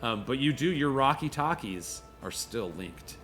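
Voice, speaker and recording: A man's voice: medium pitch, lively intonation, a little slow, a bit bright, faint music behind. A man narrating as game master of a tabletop game, in a loose, easygoing way with lots of "you know".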